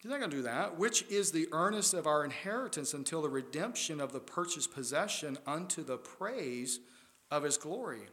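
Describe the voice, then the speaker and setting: A man preaching a sermon in a church, swinging between loud emphatic stretches and quiet, intense ones. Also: a little high, animated, moderate pace.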